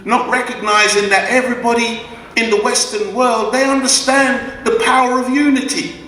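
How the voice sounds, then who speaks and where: A man with a very high-pitched, pushed, bright voice gives a preacher-like public address at normal speed and with fairly even intonation, while the live audience responds. He's a guest speaker at a community event. The recording comes from an echoey hall with the voice distant and slight background noise.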